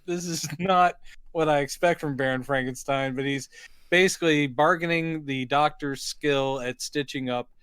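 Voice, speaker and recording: A man's voice: on the high side, steady tone, moderate pace, a bit bright, smooth, no echo. A man co-hosting a casual movie recap, animatedly acting out characters' lines in jokey voices. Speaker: podcast co-host.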